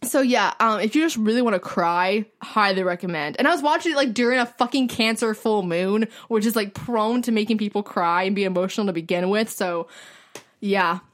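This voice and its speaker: Young female podcast co-host; chatty, gushing, animated storytelling. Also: medium pitch, brisk. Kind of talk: casual chat.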